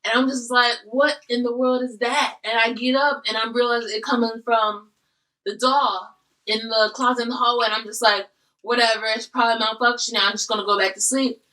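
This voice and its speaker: A woman's voice: on the high side, steady tone, fairly quick, sharp tone, distant mic, low-quality recording. A woman hosting a casual eating video, animatedly telling a story. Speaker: host.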